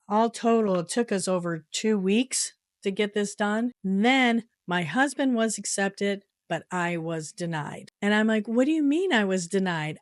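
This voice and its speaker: A woman's voice: mid-range voice, no room sound, studio quality. Exasperated woman telling a story. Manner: animated retelling with exasperated quoted dialogue. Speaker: vlogger. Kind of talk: casual storytelling vlog.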